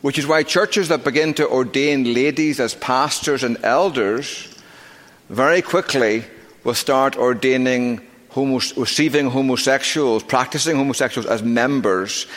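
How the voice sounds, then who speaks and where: Middle-aged man, pastor, preaching from the pulpit, emphatic and deliberate, reverberant sanctuary. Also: mid-range voice, a bit bright. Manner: emphatic preaching, slowing and stressing key words. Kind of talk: sermon. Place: church sanctuary. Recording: long reverb of a church sanctuary.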